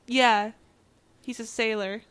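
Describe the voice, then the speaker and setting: A young woman co-hosting a podcast in casual chat, animated and laughing often. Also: fairly high pitch, slow, clear, resonant tone, no room sound. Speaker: podcast co-host.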